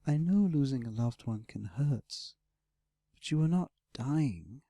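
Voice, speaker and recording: A man voicing a caring young female blue dragon, speaking softly and gently in an audiobook. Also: medium pitch, lively intonation, takes it slowly, no room sound. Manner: soft, gentle. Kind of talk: audiobook character voice.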